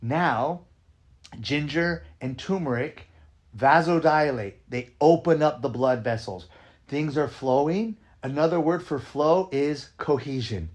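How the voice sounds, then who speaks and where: A man's voice: on the high side, a little slow. Emphatic man coaching in casual talk. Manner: energetic, emphatic, repeats "right?"; swears casually. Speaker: podcast host and dance coach. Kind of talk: casual conversation.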